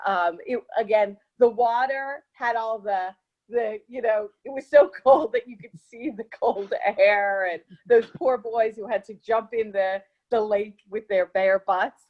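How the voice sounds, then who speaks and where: A woman's voice: mid-range voice, a little mellow, highs cut off. A woman being interviewed as an actress guest, chatting casually in a bubbly, gushing way.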